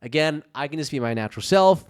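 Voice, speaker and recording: A young man talks through his solo podcast in a loose, casual way. His voice climbs and dips constantly with lively, animated pitch, and he trips over his words and starts over often. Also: quick pace, clean tone. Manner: animated storyteller, laughing helplessly, many restarts. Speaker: podcast host.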